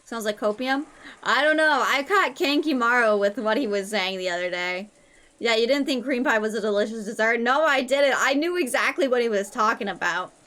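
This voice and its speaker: Young woman streamer, swears constantly, playful, slightly high voice. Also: normal speed, sharp tone. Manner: crude, swears a lot, playful. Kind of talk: casual live-stream chat.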